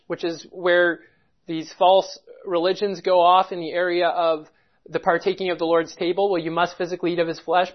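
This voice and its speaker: A preacher giving a verse-by-verse Bible teaching, speaking in an emphatic, methodical way and stopping to stress key words. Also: mid-range voice. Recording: dull lo-fi recording.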